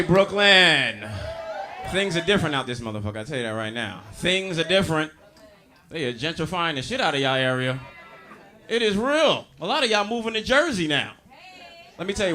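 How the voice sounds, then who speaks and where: High, bright-voiced male stand-up comic. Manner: loud, crowd-working, storytelling with acted quotes. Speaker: stand-up comedian. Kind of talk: stand-up comedy set. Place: comedy club stage.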